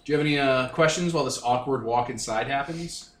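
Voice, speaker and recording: A man running a tabletop game as game master, talking in an animated, joking way and swearing freely. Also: mid-range voice, fast, far from the mic, a little hiss or hum. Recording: echoey room.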